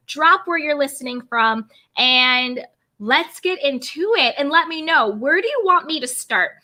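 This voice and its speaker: A young adult woman hosting a live stream recap, greeting viewers one by one with bubbly, drawn-out hellos and pop-culture slang. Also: high voice, bright, forceful tone. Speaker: YouTube recap host.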